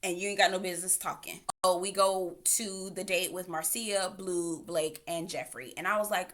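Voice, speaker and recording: Bright-voiced woman recapping reality TV. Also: lowish voice, normal speed, hardly any pauses. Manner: animated, opinionated, sassy asides. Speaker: TV reality show reviewer. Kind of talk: casual recap and commentary vlog.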